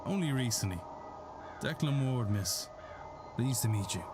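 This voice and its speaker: A man voicing a courteous, formal gentleman guest in a tabletop mystery game. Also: mid-range voice, animated, a little slow, lightly acted. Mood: polite. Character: polite young gentleman guest. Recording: noisy background.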